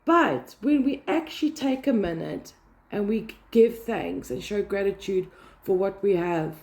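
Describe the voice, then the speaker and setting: Woman doing a casual faith talk, mellow warm tone, earnest, repeats words for emphasis. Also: mid-range voice, animated, a little slow. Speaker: Christian vlogger.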